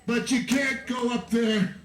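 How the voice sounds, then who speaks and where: An American man giving a fiery, profane, shouting rally speech to a festival crowd from an outdoor stage. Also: very high voice, steady tone, a little slow, reverberant, faint music behind, rough recording. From United States. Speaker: activist speaker at a festival.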